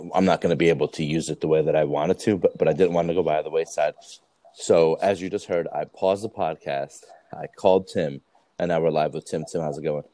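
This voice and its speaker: Deep-voiced rambling male podcast host. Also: dark tone. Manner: rambling, many restarts and fillers. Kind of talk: casual podcast chat.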